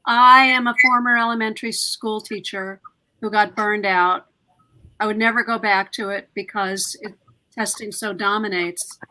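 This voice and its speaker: A middle-aged woman with a bright, ringing voice, chatting on a video call. She is lively and pokes fun at herself as she talks. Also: mid-range voice, normal speed, poor audio. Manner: animated and self-deprecating. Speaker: author and panelist. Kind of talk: casual panel discussion.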